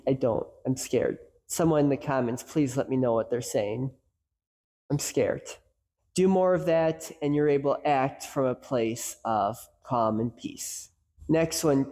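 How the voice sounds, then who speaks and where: A man's voice: on the high side, dark tone. A man hosting a casual coaching lesson, joking and acting out little asides as he talks, with long hall reverb. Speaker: host and coaching educator. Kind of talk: casual educational talk.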